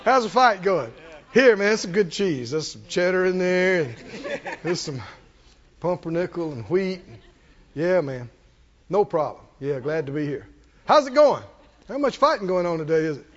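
A man's voice: sits high, sing-song, moderate pace, big-room sound, muffled recording, pitched below the performer's own voice. David, a preacher doing a breezy teenage shepherd boy. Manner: casual slangy chatter. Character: easygoing teenage shepherd boy bringing food to soldiers.

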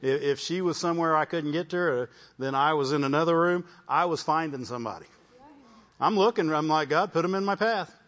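A man's voice: a little high, a little fast, fairly bright tone, dull audio. A man preaching a testimony sermon, repeating his words and calling out "Amen?" to the congregation. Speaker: pastor.

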